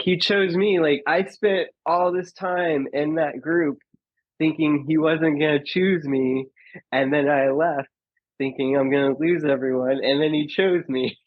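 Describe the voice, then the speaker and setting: A man's voice: a little high, no echo. Guy rambling thru his story with lots of likes and laughs, acts out what people said, sounds kinda dull and dry. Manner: chatty, filler-heavy, laughs often, acts out quotes. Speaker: podcast guest, comedian. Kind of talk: casual storytelling.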